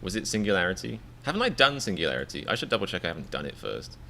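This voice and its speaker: A man's voice: low-pitched, big pitch swings, very fast, gravelly, bright, forceful tone, slight background noise. An English man in his thirties, chatting casually to a live-stream audience in a rambling, self-deprecating, mock-exasperated way. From England. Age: 30s.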